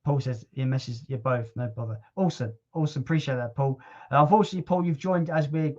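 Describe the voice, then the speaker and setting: A man hosting a casual livestream chat, relaxed and chatty, with casual swearing. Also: medium pitch, fast, highs cut off. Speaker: livestream host.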